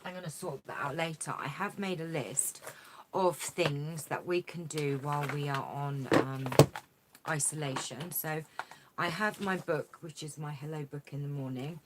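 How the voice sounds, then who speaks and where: Low-pitched woman, casual live-stream host, chatty and effusive, tablet mic at home. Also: measured pace, very noisy. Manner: chatty, rambling, effusive, many fillers. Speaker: craft vlogger hosting a live chat. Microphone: tablet camera mic.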